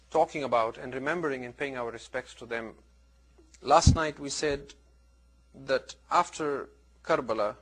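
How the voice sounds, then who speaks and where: A man giving a religious lecture, telling stories in an earnest, animated way with big swings between loud and soft. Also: medium pitch. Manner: earnest, animated storytelling with wide swings in loudness. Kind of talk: sermon with storytelling.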